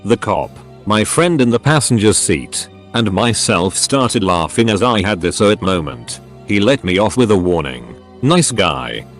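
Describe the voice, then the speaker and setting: Lively low-voiced male storyteller. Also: measured pace, faint music behind. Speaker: narrator. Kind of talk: scripted narration.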